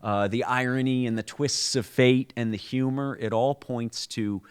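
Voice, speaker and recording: A man's voice: medium pitch, steady tone, measured pace, smooth. A man co-hosting a podcast, explaining a holiday story in a conversational, storytelling way with frequent restarts. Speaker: podcast co-host.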